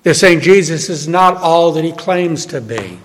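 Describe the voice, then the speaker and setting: A man preaching a sermon in an emphatic way, swinging from loud declarations to hushed storytelling. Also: fairly high pitch, lively intonation, a little slow. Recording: long reverb of a hall.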